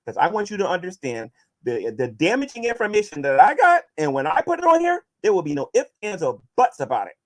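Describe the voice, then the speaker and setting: A man answers viewer questions in a casual vlog and turns combative toward his critics, stumbling into restarts as he pushes his points. His voice sits somewhat high and moves around a great deal. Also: huge pitch swings, fairly quick. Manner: combative, addressing critics directly, many restarts.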